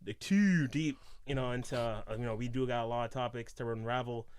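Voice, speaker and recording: A man's voice: mid-range voice, brisk, a little mellow, smooth. A young man from Boston co-hosting a podcast in casual chat, rambling with many fillers. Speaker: podcast co-host.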